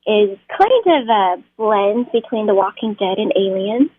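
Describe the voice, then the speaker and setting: A woman's voice: medium pitch, a little slow, breathy edge, no echo. A woman actor, a guest on an interview show, telling stories in a chatty way and laughing easily. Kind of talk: casual interview storytelling. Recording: tinny phone-like line.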